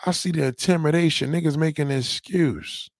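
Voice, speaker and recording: A man hosting a livestream, ranting loudly and profanely, rambling and repeating his catchphrases. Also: on the high side, fairly quick, no echo. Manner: loud, rambling, repeats catchphrases, heavy swearing. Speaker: livestream host.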